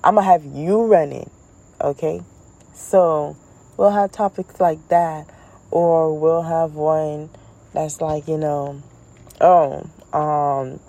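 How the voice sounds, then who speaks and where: A woman with a low, mellow voice holds forth in a casual comedic rant. She is blunt and profane, and she tells her stories with animated energy as the host of her own show. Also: low-quality recording. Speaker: podcast host.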